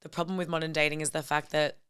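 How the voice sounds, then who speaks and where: A woman's voice: low-pitched, level tone, fast, fairly bright tone, clear, resonant tone. A young woman comedian, a guest on a podcast, chatting casually, calling her friend babe and swearing freely.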